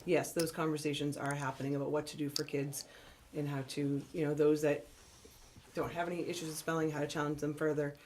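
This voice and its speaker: A woman with a low voice answers questions at a school board meeting, explaining curriculum and training. She speaks in an informative, matter-of-fact way, with faint background noise. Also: little pitch movement, fairly quick, a little mellow. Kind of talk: meeting discussion.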